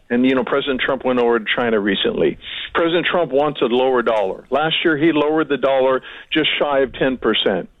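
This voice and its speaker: A man's voice: mid-range voice, no echo. A man giving rambling market commentary as a regular guest, with many fillers and restarts. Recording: tinny phone line.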